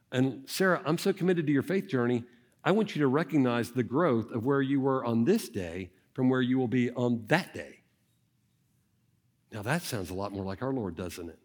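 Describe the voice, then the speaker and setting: A man's voice: mid-range voice, animated, normal speed. A male pastor preaching a sermon in a conversational way, speaking directly to the congregation and often checking in with "right?". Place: church service.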